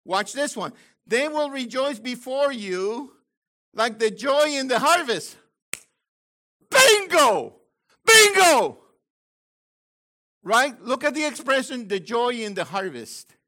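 An older man delivering excited Bible teaching with a high, bright voice. He swoops all over his range and breaks into loud exclamations. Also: a little slow. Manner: exclamatory, animated, bursts of shouting. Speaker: preacher.

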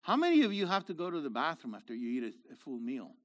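A middle-aged man preaching a sermon in a loose, conversational way, swinging from loud to quiet. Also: a little high, wildly swooping pitch, fast talker. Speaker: pastor.

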